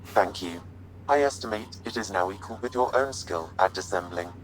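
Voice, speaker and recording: An actor playing a calm male AI companion who speaks in a flat, formal, measured way. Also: on the low side, slight background noise, lightly acted, low-quality recording. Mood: deadpan.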